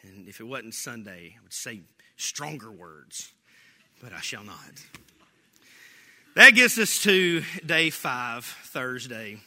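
Bright, animated joking preacher. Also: male voice, mid-range voice, slow, pauses often, long reverb tail. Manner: animated, joking, laughs often. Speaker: pastor. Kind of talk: sermon.

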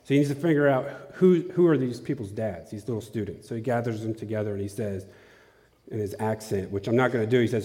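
Male preacher, relaxed and conversational, asks the room questions, mellow tone. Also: on the low side, fast. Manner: casual, asks the audience questions. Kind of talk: conversational sermon. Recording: long hall reverb.

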